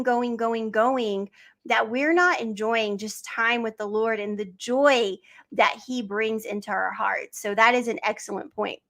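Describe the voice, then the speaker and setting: A woman's voice: fairly high pitch, a bit bright. A woman hosting a devotional livestream from home in a casual, enthusiastic, rambling way, reading out and answering viewers. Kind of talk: casual live-stream chat.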